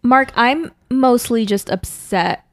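A woman's voice: a little high, slow. A woman co-hosting a podcast, chatting casually, teasing and laughing often. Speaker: podcast co-host. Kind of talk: casual chat.

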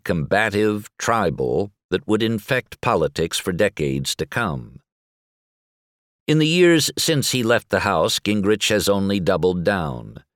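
Brief: male article narrator, low and very expressive, dry booth sound. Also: dry recording. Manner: measured, articulate reading with lively intonation. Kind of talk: scripted narration of a magazine article.

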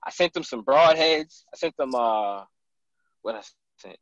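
Male guest, animated storyteller in a casual chat; dry, slightly muffled recording. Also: mid-range voice, unhurried, no echo. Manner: animated storyteller who acts out others' lines. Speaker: podcast guest, hunter.

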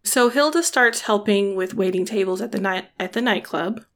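Brief: a young woman talking through book picks in a chatty, conversational way, mid-pitched. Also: normal speed, fairly bright tone. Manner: chatty and conversational, many filler words. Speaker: book reviewer. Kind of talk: casual book review vlog.

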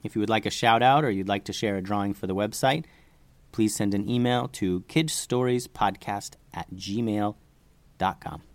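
A man hosting a children's story podcast, reading expressively and dropping to a hush for tense moments. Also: fairly low pitch, normal speed, dry recording. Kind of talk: storytelling for kids.

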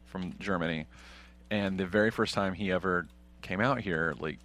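Rambling man with a low voice. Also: moderate pace, a bit bright. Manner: rambling, many "like" fillers. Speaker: podcast co-host. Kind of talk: casual movie watch-along chat.

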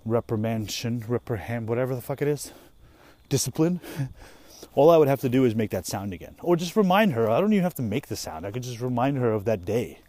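A young man talks off the cuff while walking outdoors through the woods, swearing freely and restarting his sentences. His voice is mellow and a little dark, sitting at an ordinary pitch. He wanders from thought to thought in a loose, casual way. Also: no room sound. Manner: rambling, profane, trailing off and restarting. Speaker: vlogger and parent.

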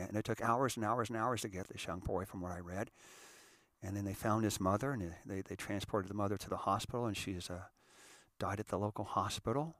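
Earnest, emotional man with a low voice. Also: steady tone, brisk, a bit bright, dry recording, clean studio sound. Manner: earnest, emotional, repeats words and restarts often. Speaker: podcast host. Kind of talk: casual heartfelt monologue.

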